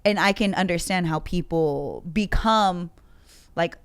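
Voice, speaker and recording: A woman co-hosting a podcast who works in radio. She tells stories in an animated, lighthearted way. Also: fairly low pitch, a little slow, clear, resonant tone, no room sound. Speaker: podcast co-host, radio personality. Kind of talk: casual podcast chat.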